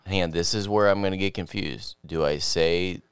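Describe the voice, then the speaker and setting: Rambling giggly man, smooth voice. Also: low-pitched, moderate pace, dry recording, clean studio sound. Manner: rambling, giggly storyteller, swears freely. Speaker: podcast co-host. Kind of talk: casual chat.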